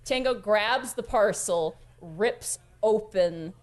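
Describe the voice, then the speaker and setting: A woman's voice: medium pitch, slow pace. Casual woman narrating as game master. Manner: casual, many fillers, giggly.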